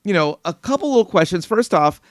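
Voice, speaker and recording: A man's voice: high voice, big pitch swings, a little fast, no room sound, clean studio sound. Jokey, stumbling man as interview host. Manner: jokey, enthusiastic, stumbles over words. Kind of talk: casual interview.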